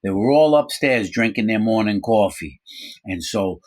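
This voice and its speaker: A middle-aged man casually telling a story from his own life, animated, acting out quoted voices, with frequent fillers. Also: on the low side, moderate pace. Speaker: storyteller recounting his prison time.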